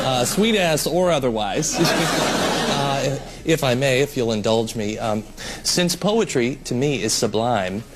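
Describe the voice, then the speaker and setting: A man's voice: medium pitch, animated, slow. An actor playing a prim, fussy male magazine guest who corrects poetry with nervous giggles, over a noisy recording. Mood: prissy.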